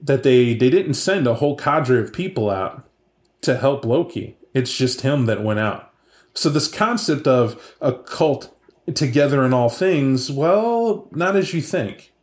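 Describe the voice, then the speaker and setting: Recorded in an echoey space, a man retells a tabletop game session he ran for his podcast, animated and casual with plenty of asides. As host and game master, he has an expressive mid-range voice and an unhurried pace.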